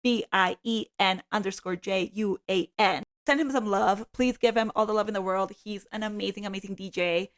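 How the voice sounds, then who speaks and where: A woman in her thirties from Colombia, co-hosting a podcast in casual, animated chat, laughing often and swearing casually. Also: medium pitch, moderate pace, few pauses. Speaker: podcast co-host.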